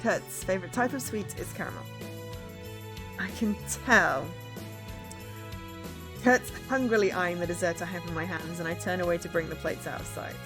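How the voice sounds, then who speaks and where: A woman's voice: on the low side, normal speed, long pauses, over music. A woman streamer reading a visual novel aloud, with playful, laughing asides.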